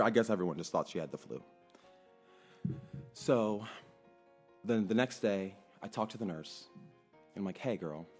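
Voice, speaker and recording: Man, low voice, very lively pitch, casual exasperated storytelling, swears, faint music behind. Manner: animated and exasperated, swears freely. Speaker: research clinic worker telling a story.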